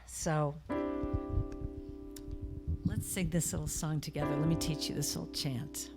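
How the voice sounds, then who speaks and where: A woman with a somewhat low voice delivers a spiritual talk in a gentle, heartfelt way. She stretches out key words for emphasis and sometimes drops to a soft, breathy near-whisper. Faint music plays in the background. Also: steady tone, unhurried, pauses often. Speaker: inspirational speaker and singer. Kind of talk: spiritual talk leading a chant.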